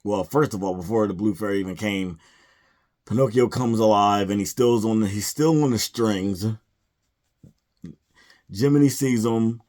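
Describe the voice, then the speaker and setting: A man with a lowish voice rants casually about a film, sounding exasperated and sighing often. He drops into mumbled little impressions of the characters as he recaps. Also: normal speed, pauses often, darkish tone. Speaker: movie reviewer.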